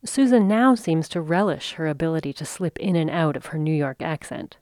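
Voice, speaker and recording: A woman interviewer asking curious, gently probing questions and narrating a radio piece. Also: low-pitched, lively intonation, fairly quick, no room sound, clean studio sound.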